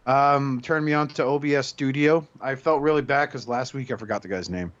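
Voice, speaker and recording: A man's voice: medium pitch, a little fast, a bit bright. A man co-hosting a casual podcast, rambling with lots of hesitant fillers. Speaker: podcast co-host. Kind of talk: casual chat. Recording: dull lo-fi audio.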